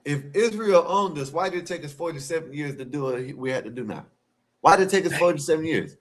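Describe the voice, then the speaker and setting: A man's voice: on the high side, expressive. Rambling man in a panel debate. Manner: rambling, halting, asks for agreement. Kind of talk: casual call-in panel debate. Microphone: remote call.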